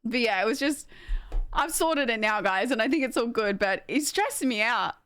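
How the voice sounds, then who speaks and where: A woman's voice: on the high side, normal speed, no echo. A young woman with an Australian accent chatting casually to her stream, rambling and self-mocking with lots of filler words and easy laughter. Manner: animated, full of filler likes. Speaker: game streamer.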